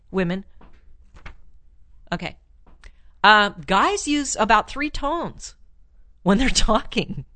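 Woman therapist hosting an advice show, expressive voice that swoops up and down, chatty and animated. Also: mid-range voice, no echo. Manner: chatty and animated, laughs often, plays up lines with mock exclamations. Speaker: radio advice host and relationship therapist. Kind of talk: casual advice talk answering listener letters.

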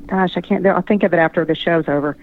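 Lowish woman on a tinny phone line. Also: fairly even intonation, fast. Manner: chatty, searching for words. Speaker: author. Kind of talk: casual call-in chat.

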